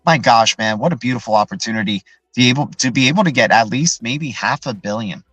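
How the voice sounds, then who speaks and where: A man's voice: mid-range voice, quick pace, fairly bright tone, slightly rough, dry recording, low-quality recording. A man hosting a live stream in a loose, rambling way, tagging his points with "right?" and answering viewer chat as he goes. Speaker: livestream host.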